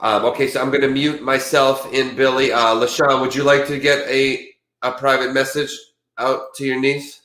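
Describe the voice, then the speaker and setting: A man's voice: mid-range voice, flat delivery, normal speed, fairly bright tone. A man hosting an interview over a video call, speaking in a careful, reassuring, explanatory way. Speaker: host. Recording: roomy sound with faint background hiss.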